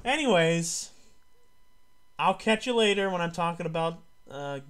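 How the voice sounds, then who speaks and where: A young man from Florida, a podcast host, ranting about sports in a profane, exasperated way and bursting into yelling. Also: fairly high pitch, animated, a little slow, clean tone. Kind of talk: angry sports rant.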